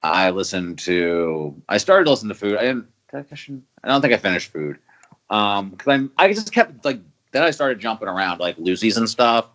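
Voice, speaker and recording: Casual male podcast host, slightly low voice, rambling and profane delivery. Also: sing-song, moderate pace, fairly bright tone, rough recording. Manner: rambling, swearing, restarting thoughts.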